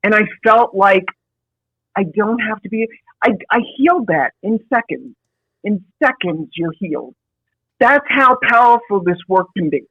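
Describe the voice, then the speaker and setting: A woman's voice: medium pitch, expressive, unhurried, husky, no echo, highs cut off. A woman coach telling a personal story in a candid, confessional way, rambling with asides. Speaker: passion coach.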